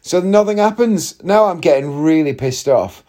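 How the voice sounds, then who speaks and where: A man's voice: fairly high pitch, lively intonation, moderate pace, dark tone. A man, telling a long story in a chatty, rambling way with wry asides. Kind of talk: casual storytelling monologue.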